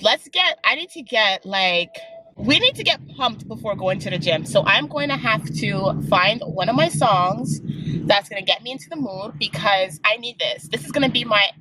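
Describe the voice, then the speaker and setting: A woman's voice: medium pitch, normal speed, over music. Chatty young woman vlogging. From Canada. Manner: chatty and expressive, dramatic complaining. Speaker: fitness vlogger. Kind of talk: casual vlog chat.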